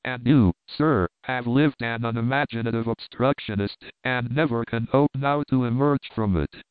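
A stern, domineering old professor, as a man reads him aloud, lecturing with severe, lofty certainty. The voice is smooth and clear, but it sounds dry and thin, like it is coming through a phone line. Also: medium pitch, normal speed, dry recording, close to an everyday voice.

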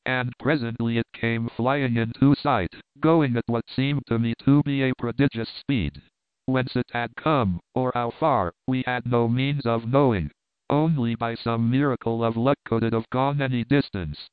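A man narrating a story aloud in a steady, scripted reading voice. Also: medium pitch, unhurried, clear, resonant tone, no room sound. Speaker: audiobook narrator. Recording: dry, phone-like narrow sound.

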